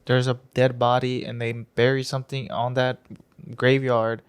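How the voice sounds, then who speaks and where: A man's voice: mid-range voice, moderate pace, smooth. A young man co-hosting a podcast, rambling through a spooky story in casual chat. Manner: rambling storyteller, animated retelling. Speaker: podcast co-host.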